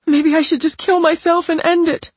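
A woman's voice: very high voice, expressive, normal speed, no room sound, voice pushed up. A woman voicing a scheming young woman who fakes terror on a phone call, speaking in a shaky, quavering, pleading voice. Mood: fake panic. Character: scheming young woman faking terrified sobs.

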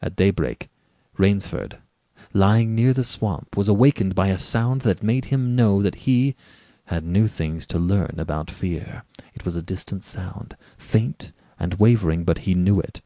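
Man, story narration, low voice, warm tone, dramatic measured reading. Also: dry recording. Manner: measured, dramatic, varied delivery.

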